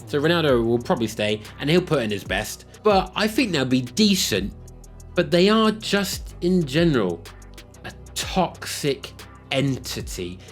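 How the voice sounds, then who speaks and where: A young man giving blunt, sarcastic football predictions as a video host. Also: a little high.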